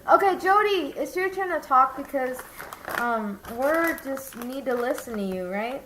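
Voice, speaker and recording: A woman's voice: sits high, animated, measured pace. A young woman chatting casually with a friend, telling a rambling story with lots of animation. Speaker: vlogger. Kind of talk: casual chat. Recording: echoey room with faint noise.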